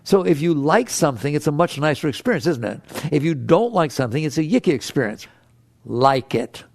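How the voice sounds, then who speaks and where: A man giving a spiritual talk to an audience, playful and animated, acting out inner thoughts and voices. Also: normal speed, creaky, no echo, studio quality. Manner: animated and playful, swinging from low hushed tones to high excited exclamations. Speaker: spiritual teacher.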